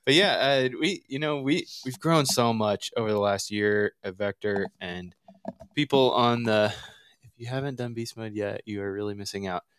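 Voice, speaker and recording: A man appearing as a guest on a studio podcast and talking about his business in a relaxed, rambling way through a headset mic. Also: lowish voice, normal speed, smooth, no room sound. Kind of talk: casual podcast conversation.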